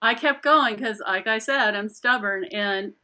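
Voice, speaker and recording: A middle-aged woman, an author being interviewed, chats casually as an animated storyteller, acting out her own quotes and laughing often. Her voice is on the high side and she speaks a little slowly.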